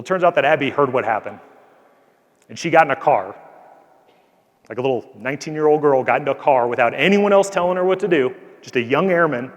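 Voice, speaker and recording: A man, an Air Force colonel, giving an earnest, conversational talk to cadets, sharing a story from his time as a squadron commander. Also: fairly high pitch. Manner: earnest, conversational, frequent "like" fillers. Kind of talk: motivational speech with anecdote. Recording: long hall reverb.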